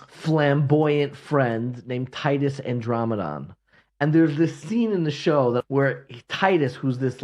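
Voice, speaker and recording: A man's voice: medium pitch, darkish tone. A man in a reflective conversation, telling a story with animation and often restarting his phrases.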